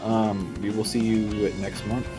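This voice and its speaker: A man co-hosting a podcast over a remote call, talking casually with relaxed joking and stumbling restarts. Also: lowish voice, a little slow, loud music behind the voice. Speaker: podcast co-host. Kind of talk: casual chat.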